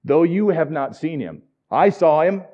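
A man's voice: fairly high pitch, animated, unhurried, warm tone, lo-fi sound. Chatty man preaching a sermon. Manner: conversational, enthusiastic teaching with asides. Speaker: pastor.

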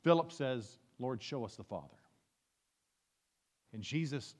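A man's voice: mid-range voice, lively intonation, a little slow, long pauses, darkish tone. A pastor in his fifties preaching a sermon, earnest and building to emphatic peaks as he reads scripture aloud. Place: church sanctuary. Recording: long hall reverb.

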